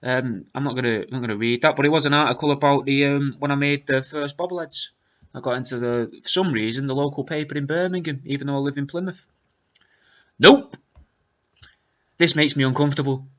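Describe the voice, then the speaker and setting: A man reading out comments with wry, deadpan asides in a casual commentary. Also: medium pitch, fast, dull audio. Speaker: video creator reading comments.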